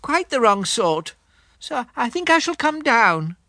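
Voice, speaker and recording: A man's voice: very high voice, big pitch swings, a little slow, pushed and bright, no room sound, clean studio sound, pitched above the performer's own voice, exaggerated voice. A man voicing a mild, earnest bear of little brain in an audiobook, talking in a ponderous, slightly muddled way. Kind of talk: audiobook character reading.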